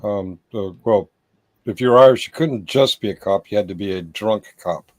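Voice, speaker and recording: A man's voice: lowish voice, normal speed, a little mellow, no echo. A man hosting a casual livestream, joking and irreverent, swearing now and then. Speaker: livestream host.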